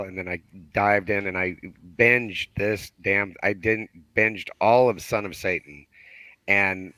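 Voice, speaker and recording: A man with a cold, talking hoarsely as a guest on a podcast call, chatty, laughing and restarting often. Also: deep voice, pushed and bright, no echo, low-quality recording. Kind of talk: casual chat. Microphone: video call.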